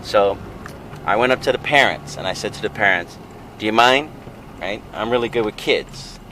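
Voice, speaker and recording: A father tells a mock-serious tall tale, loudly wailing like a baby as he goes. His voice is bright and forceful, sits on the low side, and has faint noise behind it. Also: moderate pace, rough recording. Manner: keeps insisting it's true, laughs often, tags lines with "right?"; loudly mimics baby wails. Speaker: father telling a made-up story.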